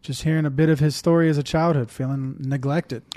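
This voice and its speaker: A man's voice: on the high side, fairly even intonation, fairly quick, dark tone, no room sound. A man co-hosting a recovery podcast, speaking in a reflective, emotional way. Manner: joking, then emotional and reflective. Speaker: recovery minister and podcast co-host. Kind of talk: casual reaction chat.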